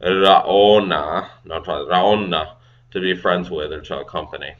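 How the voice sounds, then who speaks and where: A man hosting a casual language-learning video, sounding out foreign phrases slowly and then explaining them in quick, offhand asides. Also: a bass voice, fairly even intonation, dull audio. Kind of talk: casual self-study language lesson.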